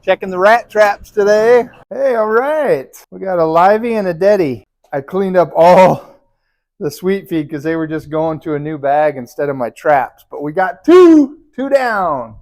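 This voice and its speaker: A man's voice: moderate pace, a little mellow, no echo. Playful man chuckling through a demo. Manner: playful, chuckling, squeaks like a rat. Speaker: YouTuber testing rat traps. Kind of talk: casual hands-on demo vlog. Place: barn.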